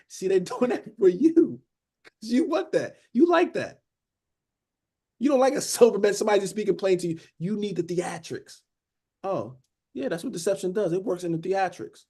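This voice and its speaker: With a high-pitched voice and a slightly fast pace, a man teaches a Bible study as a conversational sermon. He's lively, acting out characters and often saying "beloved" and "okay?".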